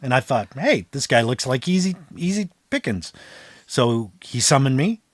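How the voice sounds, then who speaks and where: A man voicing a weary, embarrassed male demon boss who grumbles in a low, tired way. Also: big pitch swings, moderate pace, no room sound, clean studio sound. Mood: defensive.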